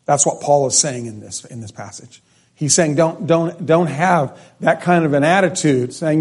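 A man's voice: fairly high pitch, moderate pace, darkish tone. A man preaching an expository sermon, reading scripture aloud and then stressing and repeating key phrases, thinking aloud with restarts and asides.

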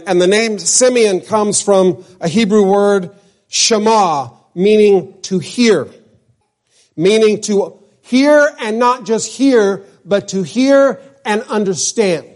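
Slow-preaching high-voiced male pastor. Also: darkish tone. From New Mexico. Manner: slow, drawn-out preaching with questions to the congregation. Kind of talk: sermon.

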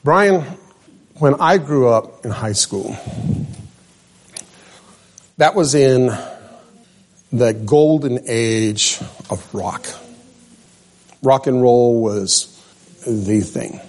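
A man's voice: mid-range voice, expressive, extremely slow, long pauses, darkish tone. An older man preaching a conversational sermon, reading scripture aloud and calling on listeners by name. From Central California.

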